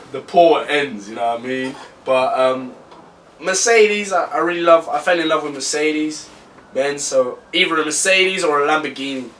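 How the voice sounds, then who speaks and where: A young man chats through a casual vlog Q&A. He sounds laid-back and rambling, with plenty of slang and laughs. His voice is bright and lively, caught on a mic set a bit away, with faint ambience behind him. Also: medium pitch, recorded from a distance, a little hiss or hum. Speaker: vlogger.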